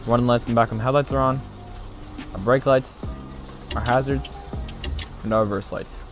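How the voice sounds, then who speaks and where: A man hosting a gaming channel, giving a plain, steady commentary that walks through car features. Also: mid-range voice, moderate pace. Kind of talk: gameplay commentary. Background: faint background music.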